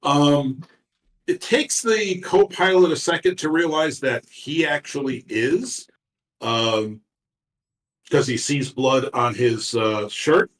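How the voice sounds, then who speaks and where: A man's voice: a little high, a bit bright. Guy running an rpg, lots of ums, sounds far from the mic in a roomy space. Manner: halting, many fillers and restarts. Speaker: game master. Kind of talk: narrating a tabletop game.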